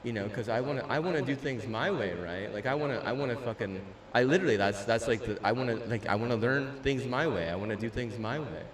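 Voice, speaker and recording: Brief: young male streamer, profane ranter, mid pitch, miked from a distance in an echoey room. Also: lively intonation, quick pace, hardly any pauses. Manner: profane, ranting, lots of fillers and restarts. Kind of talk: casual rant while gaming. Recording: roomy, distant mic with faint room noise.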